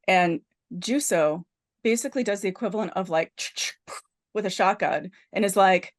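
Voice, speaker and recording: A woman's voice: medium pitch, moderate pace. A woman podcast host in casual chat, animatedly retelling a horror film's plot with lots of "like" and restarts. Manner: animated storyteller, heavy use of "like" and restarts.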